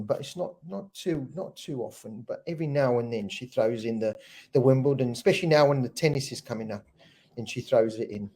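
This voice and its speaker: A South African man in middle age keeps a live stream rolling, greeting fans one by one with easy jokes. His voice sits at a middle pitch and sounds warm and dark. He talks in a loose, chatty way. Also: fairly quick, husky. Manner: chatty, jokey, rattles off viewer names. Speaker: host. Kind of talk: live-stream chat reading fan comments.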